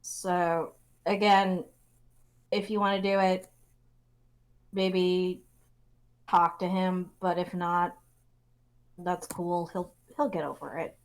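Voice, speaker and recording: Woman player, low voice, very slow hesitant delivery. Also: little pitch movement, smooth. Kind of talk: casual tabletop play.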